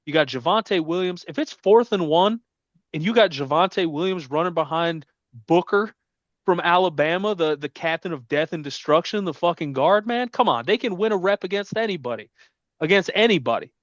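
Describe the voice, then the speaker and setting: A man's voice: high voice, animated, moderate pace, no echo. A man co-hosting a sports podcast, emphatic and profane in casual football talk. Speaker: podcast co-host. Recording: dull, dry.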